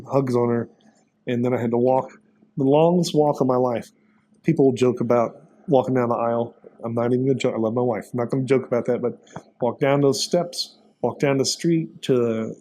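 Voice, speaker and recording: A man in his fifties, a pastor and former police officer, telling an emotional story in an interview in an earnest, halting way with many fillers. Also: mid-range voice, warm tone, low-quality recording.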